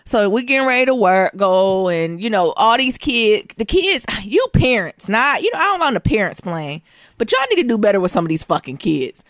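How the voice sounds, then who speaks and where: A woman podcast co-host telling a story in casual chat, animated and profane, laughing often and acting out what people said. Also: medium pitch, moderate pace, dry recording, studio quality.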